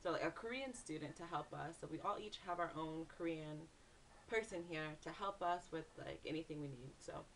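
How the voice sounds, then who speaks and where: A woman's voice: deep voice, normal speed, recorded from a distance, a little hiss or hum. Young woman telling a story, slightly off-mic. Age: young adult. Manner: animated, says "like" a lot, acts out screams in quotes. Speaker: vlogger. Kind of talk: casual storytelling vlog.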